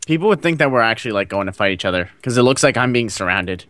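Lively young man, exasperated gamer. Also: medium pitch, very fast, dry recording. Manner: exasperated, scolding. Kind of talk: casual gaming banter.

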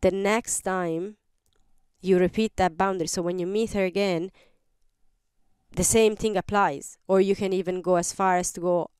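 A woman's voice: lowish voice, fairly even intonation, moderate pace, a little mellow, clean tone, dry recording, clean studio sound. A woman hosting an advice podcast, explaining earnestly and step by step with examples. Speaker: podcast host. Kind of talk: advice talk.

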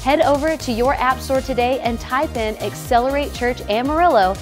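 A woman reading a smooth, even promotional announcement. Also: high voice, moderate pace. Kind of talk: recorded announcement. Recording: announcement read over music.

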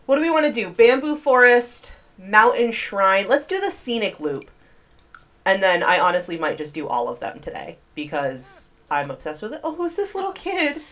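A woman's voice: medium pitch, animated, measured pace, pushed and bright. A young woman giving casual gameplay commentary, chatty, gasping and squealing in disgust. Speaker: gaming video creator.

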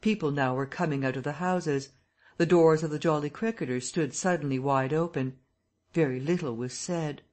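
A man's voice: a little high, moderate pace, darkish tone. Man narrating a classic audiobook.

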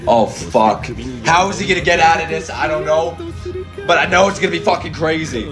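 A man hosting an anime reaction, talking casually and excitably, swearing often and breaking into shouts. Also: fairly high pitch, a little fast, music in the background. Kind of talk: live reaction commentary. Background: anime soundtrack and dialogue playing.

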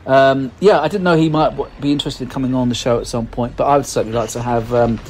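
A man's voice: mid-range voice, steady tone, fast talker, a little mellow, a little hiss or hum, low-quality recording. A man co-hosting a podcast in casual chat, rambling and self-deprecating, with lots of fillers and restarts. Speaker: podcast co-host.

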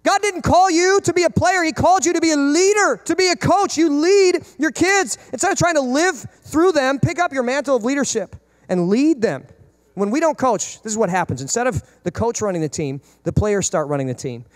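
Male pastor, sermon, high voice, animated delivery acting out parents and kids. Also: a little fast, long reverb tail.

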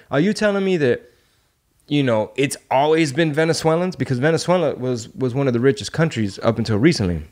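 A man's voice: fairly high pitch, a little mellow. A man hosting a podcast in casual chat, ranting with heated rhetorical questions and loose street slang. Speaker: podcast host.

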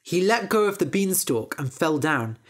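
A woman reading a fairy tale aloud as a storyteller, slow, clear and expressive for English learners. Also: on the low side.

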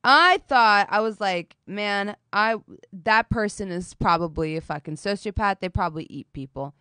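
A woman's voice: medium pitch, normal speed, bright, forceful tone, clear, resonant tone, no room sound. A woman streaming, chatting casually with her viewers while doing her makeup, telling a story animatedly and swearing often.

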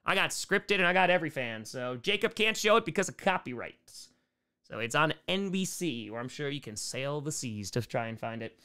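A young man live-streaming a football game, calling the plays and reading out viewer messages, excitable and loud at big moments. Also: fairly high pitch, a little fast, smooth. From United States. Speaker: sports streamer and comedian. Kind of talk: live play-by-play and chat reading.

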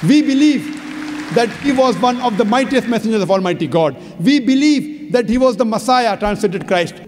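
A man with a strikingly high voice delivers an emphatic public lecture, methodically ticking off chapter and verse references. His voice rings out with a long hall reverb over a faint background hiss. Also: animated, normal speed, a little mellow. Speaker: religious lecturer. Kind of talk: public lecture answering an audience question.

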